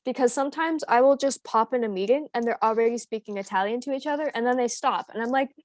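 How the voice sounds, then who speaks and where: A woman's voice: a little high, quick pace, dry recording. A woman co-hosting a livestream, chatting playfully and laughing easily. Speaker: livestream co-host. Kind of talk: casual livestream chat.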